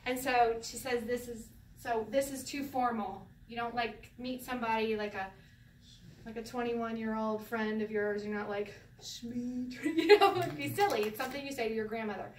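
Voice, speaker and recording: An older woman teaching a casual Hebrew lesson to a group, chatty and quick to laugh. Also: on the high side, recorded from a distance, slight background noise. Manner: chatty, laughs often, acts out phrases. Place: room with a group of learners. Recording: echoey room recorded from afar.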